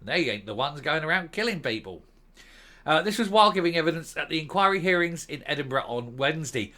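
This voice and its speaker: A man's voice: on the high side, pushed and bright. A man hosting his own political opinion show, ranting with scorn and sarcasm. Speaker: host.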